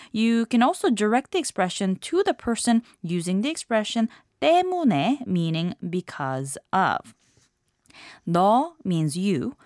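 A woman hosting a language lesson, explaining phrases clearly in scripted narration. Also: medium pitch, dry recording, studio quality.

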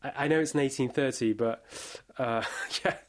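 A man reviewing a film in casual chat, pausing often with fillers and restarts. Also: medium pitch. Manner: hesitant, many fillers and restarts. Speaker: film critic.

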